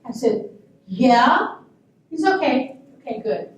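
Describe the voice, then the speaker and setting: Woman, 60s, lively high-pitched storyteller at a luncheon, heard from a distance in a reverberant room. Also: moderate pace. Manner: animated, emphatic, laughing asides. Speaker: panel guest. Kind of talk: anecdotal storytelling. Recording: echoey room, speaker far from mic.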